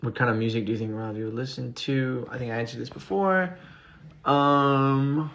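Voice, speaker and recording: Man, gravelly low-end fry, mid pitch, livestream Q&A, reads questions aloud, loose answers full of ums and restarts, phone mic. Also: moderate pace, a bit bright, highs cut off. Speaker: actor answering fan questions. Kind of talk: casual livestream Q&A.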